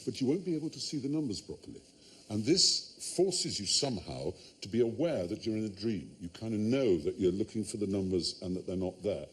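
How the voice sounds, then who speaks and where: A man's voice: fairly low pitch, animated, brisk. A man hosting a comedy quiz panel show in a TV studio, explaining facts in an erudite, wry way. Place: TV studio with audience.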